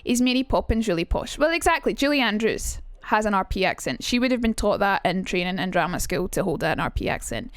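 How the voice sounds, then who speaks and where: A woman's voice: medium pitch, very animated, brisk, few pauses, no echo, soft background music. A young woman with a Glaswegian Scottish accent, streaming a casual lesson, chatty and sweary and reading out her chat. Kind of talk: casual live-stream teaching.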